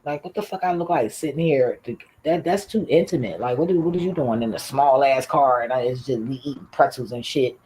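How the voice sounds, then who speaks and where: Husky man telling a profane story. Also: mid-range voice, brisk, few pauses, rough recording. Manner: profane, laughing, blunt and animated retelling. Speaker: livestream host. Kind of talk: casual storytelling to a live audience.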